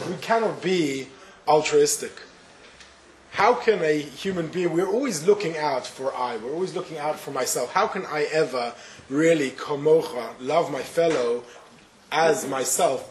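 A rabbi telling a parable and giving a spoken Torah lesson, with small hesitations. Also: male voice, a little high. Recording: roomy echo, faint noise.

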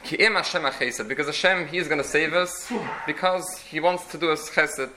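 A man's voice: a little high, fairly quick, sharp tone, slight background noise, poor audio. A man teaching a religious lecture in an earnest, explanatory way, often restarting his phrases. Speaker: Torah teacher.

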